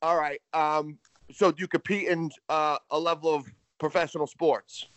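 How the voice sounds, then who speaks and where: A man's voice: a little high, steady tone, normal speed, a bit bright. An American man on a phone call, wisecracking and swearing freely in casual chat. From United States. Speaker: phone guest. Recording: dull phone-call audio.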